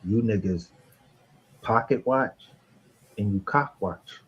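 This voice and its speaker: Man on stream going off, husky voice, yelling n laughing at ppl, muffled audio. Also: on the low side, takes it slowly. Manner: profane, mocking, shouting with bursts of laughter. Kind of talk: heated livestream argument.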